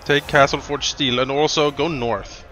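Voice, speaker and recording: Guy chatting about a strategy game, laughs lots, trips over his words, bright voice. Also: fairly high pitch, fairly even intonation, slight background noise. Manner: laughs often, halting restarts. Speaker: let's play co-host. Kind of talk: casual gaming chat.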